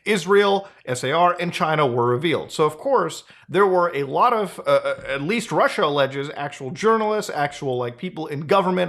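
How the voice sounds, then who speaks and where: In a slightly bright voice, this commentary host is casual, blunt and sarcastic. He curses freely and his pitch leaps up whenever he wants to stress something.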